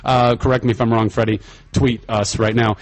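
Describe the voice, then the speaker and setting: A man chatting casually as a podcast guest, enthusiastic and animated, often trailing off into fillers. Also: medium pitch, brisk. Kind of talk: casual chat.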